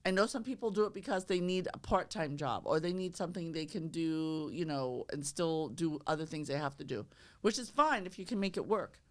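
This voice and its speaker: A woman, a real estate agent chatting on a podcast, loud and energetic, acting out both sides of her phone calls. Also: low voice, brisk. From the Bronx, New York. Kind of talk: casual podcast chat.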